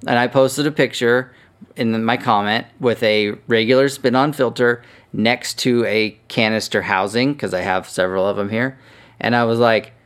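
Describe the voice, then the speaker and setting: A man's voice: mid-range voice, fairly bright tone. A middle-aged man hosting his own podcast, ranting casually and with plenty of swearing about bad advice online. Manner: worked-up ranting, profane, quick to sarcasm. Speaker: podcast host. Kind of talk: casual solo podcast talk.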